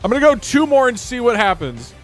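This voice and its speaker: A man's voice: very high voice, very animated, quick pace, soft background music. A man live-streaming, chatting casually with his viewers in a sarcastic, exasperated way. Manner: sarcastic, exasperated banter with chat.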